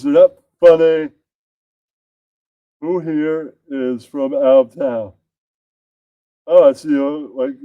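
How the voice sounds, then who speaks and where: A man voicing an awkward male stand-up comic who tells crude jokes in a low deadpan. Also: no echo, highs cut off.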